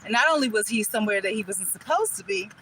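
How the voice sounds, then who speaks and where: A woman's voice: mid-range voice, animated, fast, poor audio. A woman vlogging outdoors while walking her bike down a street, out of breath, telling a rambling story with lots of fillers. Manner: chatty, rambling, many fillers. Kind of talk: casual storytelling vlog. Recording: loud outdoor street noise.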